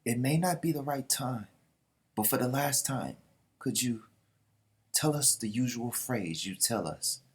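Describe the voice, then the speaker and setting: A man's voice: medium pitch, lively intonation, a little slow, husky, voice pushed up. A man voicing an earnest young woman soldier, pleading with her boss, in a raised voice.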